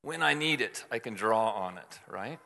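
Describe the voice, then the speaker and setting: A male pastor delivers an informal, chatty sermon, often restarting his sentences and turning aside to talk to his listeners. His voice is bright and forward. It rings out with a long reverb through a large church hall. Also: on the low side, expressive, normal speed, creaky. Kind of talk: conversational sermon.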